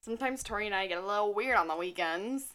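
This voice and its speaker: A woman's voice: mid-range voice, quick pace, fairly bright tone. A young woman co-hosting a podcast in casual chat, rambling, chatty and swearing now and then. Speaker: podcast co-host.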